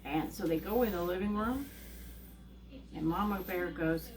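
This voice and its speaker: A woman telling a fairy tale to young children, animated and asking them questions along the way. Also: lowish voice, a little slow. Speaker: children's storyteller. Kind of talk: reading a story to young children. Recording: distant mic with faint ambience.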